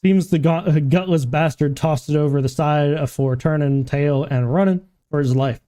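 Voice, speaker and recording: A man voicing a gruff, overworked male dockside foreman who speaks in rough, old-fashioned dialect while reading game dialogue aloud. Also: a little high, normal speed, dark tone, lightly acted. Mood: urgent.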